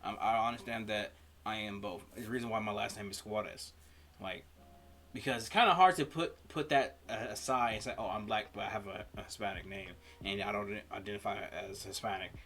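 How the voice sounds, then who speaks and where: A man hosting a reaction video, talking through personal stories in a rambling, halting way with many fillers. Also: fairly low pitch, fairly even intonation, a bit bright. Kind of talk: casual reaction commentary.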